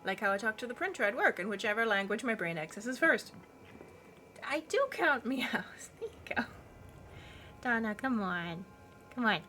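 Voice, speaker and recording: A woman's voice: fairly high pitch, big pitch swings, brisk, sharp tone, soft background music. Chatty, giggly woman streamer. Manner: chatty and giggly, baby-talking to her cat. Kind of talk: casual chat with stream chat.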